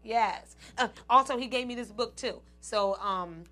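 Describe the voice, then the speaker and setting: A woman's voice: a little high, a little slow, sharp tone. A woman hosting her own show, chatting casually to her viewers, addressing them as "y'all" and "ladies" and laughing often. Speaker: show host.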